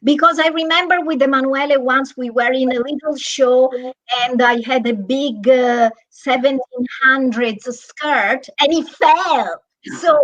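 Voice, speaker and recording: A woman's voice: sits high, measured pace, a bit bright, highs cut off. A woman with an Italian accent, hosting a live stream in a playful, theatrical way. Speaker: host. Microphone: video call.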